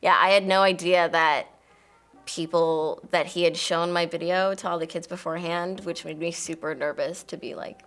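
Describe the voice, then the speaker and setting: A woman's voice: on the low side, steady tone, moderate pace, fairly bright tone, faint music behind. A woman hosting a casual interview, chatty and playful, with a slight lisp from a retainer. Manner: playful, chatty, mock-professional broadcast delivery. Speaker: interview host.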